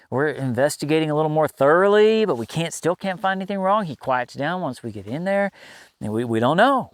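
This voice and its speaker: A man's voice: fairly high pitch, smooth, no echo. A middle-aged man telling a personal story in a casual, conversational way, laughing often and restarting his sentences.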